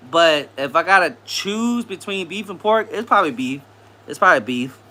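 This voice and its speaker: This man's voice sits on the high side as he hosts a laid-back live stream. He reads viewers' comments aloud, greets them by name and repeats phrases easily.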